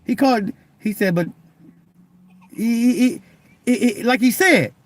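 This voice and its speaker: A man's voice: very high voice, a little slow, no echo. A young man preaching in a casual, conversational way, often stammering and repeating words as he presses his point. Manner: loose, conversational, keeps asking "you know what I'm saying". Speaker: Christian vlogger.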